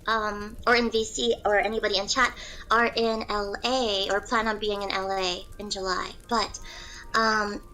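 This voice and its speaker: A woman's voice: mid-range voice, level tone, moderate pace, pushed and bright, low-quality recording. A bubbly, giggly woman chatting as a guest on a voice call, with her morning voice. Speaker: VTuber idol singer, guest. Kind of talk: casual chat.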